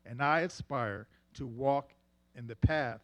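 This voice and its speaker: A man giving a spoken church testimony, measured and heartfelt, speaking slowly and deliberately. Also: medium pitch, fairly bright tone. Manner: slow, heartfelt, measured delivery.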